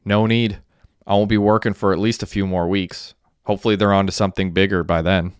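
A man's voice: sits low, flat delivery, brisk, clear, resonant tone, no echo, clean studio sound, close to an everyday voice. A man reading the lines of a blunt, foul-mouthed young man in an audiobook.

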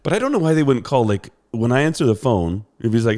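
A man chatting casually with a friend over an online call, telling animated stories and laughing often. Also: medium pitch, fast, hardly any pauses. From Canada. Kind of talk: casual chat. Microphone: headphones on an online call.

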